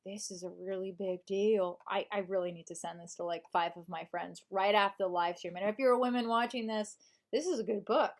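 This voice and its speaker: A woman's voice: medium pitch, steady tone, a little fast. A young woman chatting casually on a live stream, rambling and joking at her own expense. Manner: rambling, self-deprecating, trailing off.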